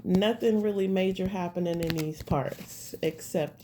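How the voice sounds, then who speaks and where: Laid-back, rambling woman with a mellow voice. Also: fairly low pitch, fairly even intonation, moderate pace, slight background noise. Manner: rambling, laid-back and slangy, talks to viewers directly. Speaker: tarot reader. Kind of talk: casual tarot reading to camera.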